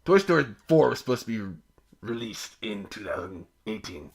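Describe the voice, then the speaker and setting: Teasing podcast cohost, swoopy pitch, bit gravelly, laughs a lot. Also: sing-song, brisk. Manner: playful and teasing, laughs often. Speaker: podcast co-host. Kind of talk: casual chat.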